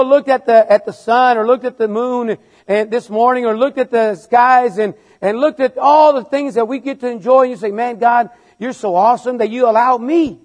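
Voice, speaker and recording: A middle-aged man preaching a sermon, halting and repeating words, then building into emphatic refrains. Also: extremely high pitch.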